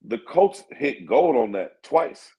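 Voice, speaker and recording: A man's voice: mid-range voice, very animated, takes it slowly, mellow, low-quality recording. A man analyzing sports in casual talk-show chat, thinking aloud and asking "you know what I mean?". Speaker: sports talk co-host or guest.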